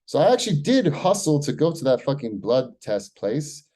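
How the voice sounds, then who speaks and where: This American man's pitch is medium but swings widely, and his tone stays mellow at an ordinary pace. He's a vlogger recording a personal log, rambling profanely and filling gaps with "like" and "right?".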